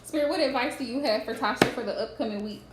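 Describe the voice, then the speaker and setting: A fast-talking woman with a fairly high voice gives a live-streamed tarot reading, earnestly advising her viewers and repeating her points often. The audio has a roomy echo and faint background noise.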